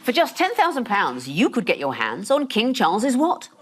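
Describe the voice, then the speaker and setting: A woman's voice: fairly high pitch, wildly swooping pitch, moderate pace, noisy background. A woman hosting a comedy news quiz, reading out questions with dry quips. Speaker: quiz show host. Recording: studio with audience laughter. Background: studio audience laughter.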